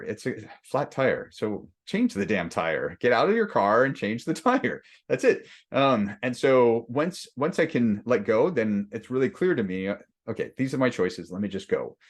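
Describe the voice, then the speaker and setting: A man's voice: medium pitch, very animated, moderate pace. A man coaching a workshop group in a conversational way, with many restarts, acting out the voices of a complaining mind. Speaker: leadership coach. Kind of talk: workshop lesson.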